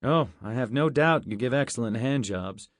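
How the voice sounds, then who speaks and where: A smug, scheming American commander with an American accent, voiced by a male narrator. He talks in a smooth, sly drawl at a middle pitch. Dry, close recording. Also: expressive, normal speed, dry recording, lightly acted.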